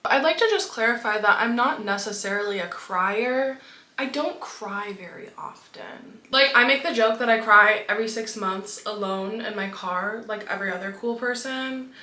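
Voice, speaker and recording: A woman's voice: mid-range voice, moderate pace, bright, forceful tone, reverberant. A young woman travel vlogger talking candidly and chattily, filling her speech with "like", at times tearful. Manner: candid, chatty, lots of "like" fillers. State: tearful, crying. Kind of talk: casual vlog narration.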